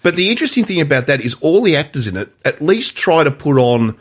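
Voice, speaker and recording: A man's voice: a little high, sing-song, fast talker. A man co-hosting a film podcast in casual chat, explaining at length with many restarts. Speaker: podcast co-host.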